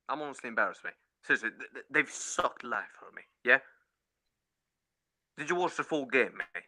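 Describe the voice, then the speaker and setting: A man's voice: mid-range voice, expressive, fairly quick, pauses often, bright, forceful tone. A man ranting in fury as a caller on a fan stream, swearing and repeating "mate" and "yeah". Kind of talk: angry football fan rant.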